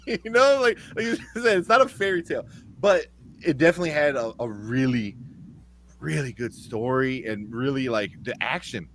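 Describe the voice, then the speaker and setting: A man's voice: medium pitch, normal speed. A man co-hosting a live movie review show, talking casually with lots of swearing and acting out scenes he enjoyed. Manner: animated, swearing, acts out scenes.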